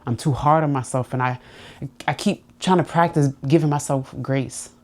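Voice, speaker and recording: A woman's voice: deep voice, steady tone, normal speed. A woman hosting her own podcast, talking through personal growth in a heartfelt, confiding monologue. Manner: heartfelt, confiding, emotional at times. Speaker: podcast host.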